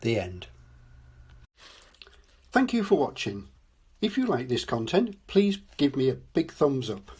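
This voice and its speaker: Older man, reading a storybook aloud, unhurried, husky voice, lively intonation. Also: medium pitch. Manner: slow, expressive read-aloud.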